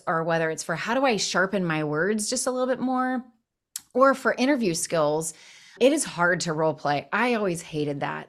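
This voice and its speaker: A middle-aged woman, a counselor and author, speaking as a podcast guest in an encouraging, reflective way. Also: on the low side. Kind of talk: conversational interview.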